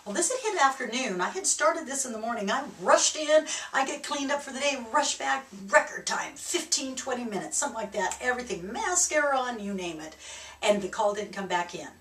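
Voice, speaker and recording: Animated woman telling a story in an echoey room. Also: on the high side, fairly quick. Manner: animated, laughs through her story. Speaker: spiritual speaker. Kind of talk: reflective personal storytelling. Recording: echoey room, distant mic.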